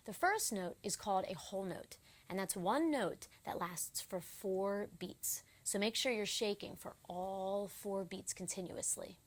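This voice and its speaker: A woman teaching children a rhythm lesson, speaking slowly and clearly in a gentle, encouraging way. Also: medium pitch, animated, noisy background. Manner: gentle, encouraging, counts beats aloud. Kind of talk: slow, clear instruction for children.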